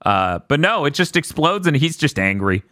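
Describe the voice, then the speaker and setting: Male podcast host, bright tone, dry close sound, animated recap that acts out lines. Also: on the high side, normal speed, no echo. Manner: animated storytelling, acting out characters' lines; laughs often. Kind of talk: casual chat.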